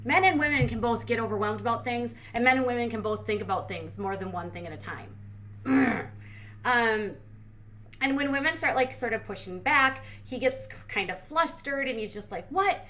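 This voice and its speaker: A woman's voice: fairly high pitch, moderate pace, fairly bright tone. A woman hosting a commentary channel, recapping a reality show in casual, sarcastic, blunt talk full of "like". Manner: sarcastic, blunt, heavy use of "like".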